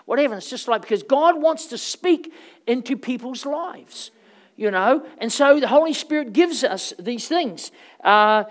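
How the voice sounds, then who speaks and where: A woman preacher telling stories through her sermon in a loose, rambling way. She talks casually, with plenty of fillers. Her voice swings from loud bursts down to quiet asides. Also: on the high side. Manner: conversational, rambling storytelling with fillers; animated, swings between loud and soft.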